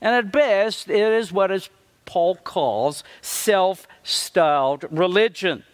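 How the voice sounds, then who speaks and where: A man from Africa, a visiting pastor, preaching a sermon with lively storytelling and acted-out quotes of church members. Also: high-pitched, takes it slowly, smooth. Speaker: guest pastor.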